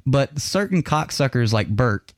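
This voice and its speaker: A man hosting a loose, profane podcast, swinging his voice up high whenever he acts out a story. He laughs often and swears constantly. His recording is dry and close, with no room sound. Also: animated, measured pace, no echo. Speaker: podcast host. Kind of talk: casual chat.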